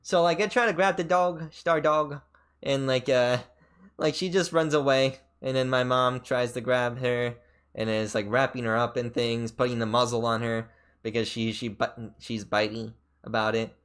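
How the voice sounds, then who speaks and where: A male streamer chatting casually into a desk mic, wandering through his story with lots of fillers and restarts. His voice sits in a middle pitch but jumps sharply high and low from phrase to phrase. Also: steady tone, normal speed, a bit bright, clear, resonant tone. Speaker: VTuber streamer.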